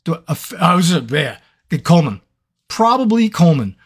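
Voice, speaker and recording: Rambling voice actor on a livestream. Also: male voice, a little high, big pitch swings, normal speed, breathy edge. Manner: rambling, scattered and self-mocking. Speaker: voice actor hosting a live Q&A. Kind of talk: casual livestream chat. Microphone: seated at a microphone.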